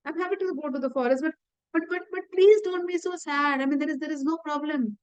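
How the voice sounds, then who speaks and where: A calm young prince speaks gently and reassures his grieving father, as a woman storyteller voices him. Her voice stays high, and the sound is dry. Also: quick pace, no room sound, lightly acted. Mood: reassuring.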